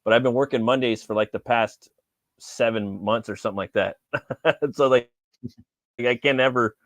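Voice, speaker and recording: A man's voice: medium pitch, moderate pace, a bit bright, no echo. A man from California, host of a casual chat, talking in a laid-back, rambling way and swearing freely.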